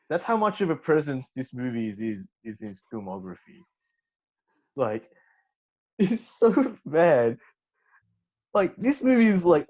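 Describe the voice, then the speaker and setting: A male podcast guest with a lively, swooping pitch, talking excitedly about films. He is loose and profane and gets worked up easily. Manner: animated, excitable, swears freely. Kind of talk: casual movie discussion.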